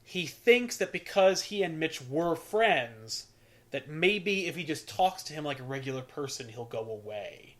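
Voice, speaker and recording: A man's voice: fairly high pitch, very animated, unhurried. A man hosting a casual chat, recapping a comic story in a rambling, profane way with lots of fillers. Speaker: podcast host.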